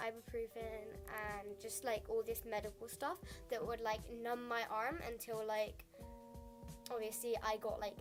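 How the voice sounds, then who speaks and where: A teenage girl telling a casual storytime in a rambling way, full of "like" fillers. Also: fairly high pitch. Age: teens. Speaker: vlogger.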